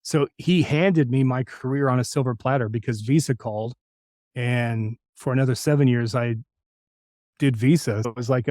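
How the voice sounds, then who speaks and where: Male voice actor guest telling a story, lively, acts out all the quotes, dead dry room. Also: medium pitch, normal speed, dry recording. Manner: animated anecdote teller who acts out quotes. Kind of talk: storytelling in a podcast interview.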